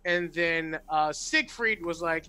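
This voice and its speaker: A man's voice: on the high side, takes it slowly, pushed and bright, clean tone. A man playing in a tabletop game, recapping the last session in a loose, rambling way. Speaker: player. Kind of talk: casual tabletop game talk.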